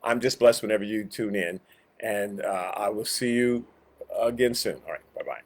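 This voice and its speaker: A man teaching a Bible study as a pastor, animated and acting out the voices he quotes to online viewers. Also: lowish voice, normal speed. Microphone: streamed to online viewers.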